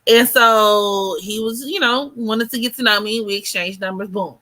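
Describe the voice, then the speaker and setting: Young woman vlogger with a bright, forward voice, gabby storytime energy. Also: medium pitch, moderate pace. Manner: chatty and animated, heavy on fillers, addresses viewers as y'all. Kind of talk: casual storytime chat.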